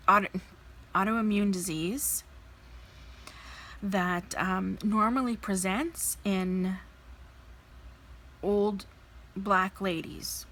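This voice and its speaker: A woman in her thirties, a vlogger telling a personal story in a candid, animated way, acting out the people she quotes. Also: mid-range voice, a little hiss or hum, low-quality recording. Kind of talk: casual storytelling while crafting.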